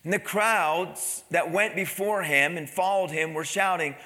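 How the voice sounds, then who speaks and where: Bright high-voiced preaching man. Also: moderate pace, few pauses, long reverb tail. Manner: dramatic preaching, acting out crowd voices. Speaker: pastor. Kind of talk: sermon.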